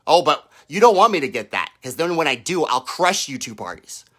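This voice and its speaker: A man's voice: on the high side, very animated, brisk, a bit bright. A man ranting on a livestream, heated and profane, mocking his targets in put-on quotes. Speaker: political livestreamer. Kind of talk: angry livestream rant. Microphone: own microphone.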